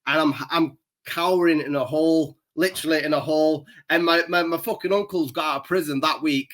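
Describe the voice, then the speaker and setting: Male podcast co-host, somewhat high, bright and tense, rambling sweary anecdotes. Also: steady tone, a little fast. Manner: rambling, swears constantly, laughs at his own story. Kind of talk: casual storytelling chat.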